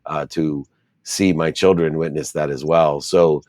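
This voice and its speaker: A man's voice: very deep voice, fairly even intonation, measured pace, a little mellow, no echo. A middle-aged man, an interview guest, telling a personal story earnestly and repeating phrases for emphasis.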